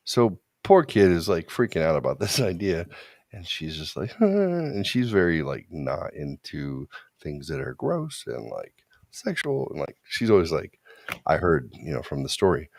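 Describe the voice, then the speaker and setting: Man, very low voice, lively swings, rambling crude storyteller, dry close sound. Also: normal speed, dry recording. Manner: rambling, joking, voices quoted people. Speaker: podcast co-host. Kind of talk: casual chat, crude storytelling.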